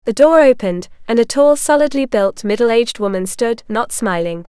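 Smooth-voiced woman narrating a story. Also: fairly high pitch, moderate pace, no echo, clean studio sound. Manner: steady, matter-of-fact reading.

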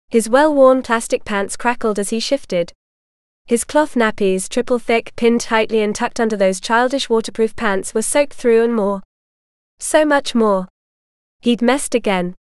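Clear, dry audiobook narration by a woman. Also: on the high side, no echo. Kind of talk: scripted narration.

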